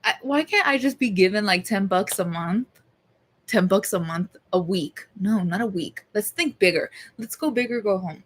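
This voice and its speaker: A woman's voice: medium pitch, moderate pace, husky. A young woman vlogger talking casually to her camera, rambling, swearing and mocking herself.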